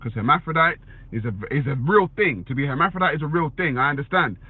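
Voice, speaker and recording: A man's voice: on the high side, expressive, fast talker, breathy edge, dry recording. A man giving a blunt, casual opinion monologue, swearing and answering viewer comments. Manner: blunt, swears, repeats "you know what I'm saying". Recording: tinny phone-like dry sound.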